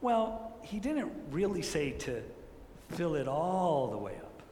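A man preaching a sermon, telling stories with lively rhetorical questions and acting out the quotes. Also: fairly high pitch, slow, a little hiss or hum. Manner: animated storytelling, rhetorical questions, acts out quotes. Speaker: pastor. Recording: echoey hall with faint ambience.

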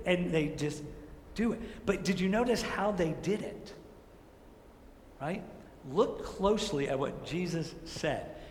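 A man preaching a sermon, telling stories with lively rhetorical questions and acting out the quotes. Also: high-pitched, slow, long pauses, slight background noise. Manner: animated storytelling, rhetorical questions, acts out quotes. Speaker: pastor. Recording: echoey hall with faint ambience.

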